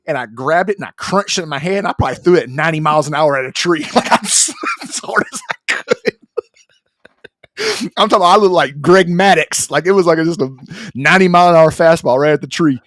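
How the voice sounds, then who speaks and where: A man, co-hosting a casual podcast, jokey and excitable, with the occasional swear. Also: a little high, quick pace, dry recording, clean studio sound. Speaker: podcast co-host. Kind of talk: casual chat.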